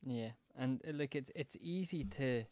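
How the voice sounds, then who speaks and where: A man co-hosting a podcast, chatting in a relaxed, supportive way. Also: medium pitch, moderate pace, no echo. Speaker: podcast co-host. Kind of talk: casual chat.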